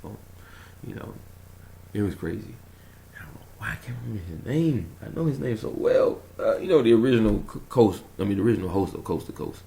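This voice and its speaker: Gravelly, animated man rambling casually. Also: fairly low pitch, a little fast. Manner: animated storytelling, chuckles, trails off searching for words. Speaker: conspiracy vlogger.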